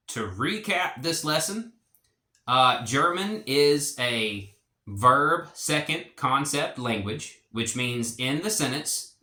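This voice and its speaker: A man explaining a language lesson in a relaxed, rambling way, with fillers and restarts. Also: mid-range voice, roomy sound. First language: English. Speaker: language teacher.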